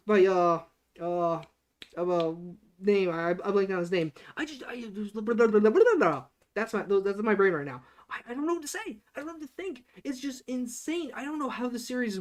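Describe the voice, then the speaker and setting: A streamer in casual livestream talk, excitable and rambling, stressing words hard as they react to an anime season. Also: high-pitched.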